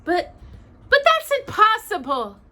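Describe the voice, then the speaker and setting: Storybook princess, sixteen and lovestruck, high and bright, lilting singsong delivery, read aloud by a mother. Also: wildly swooping pitch, takes it slowly, slight background noise, exaggerated voice. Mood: dreamy. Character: sweet dreamy teenage princess, lovestruck and gentle.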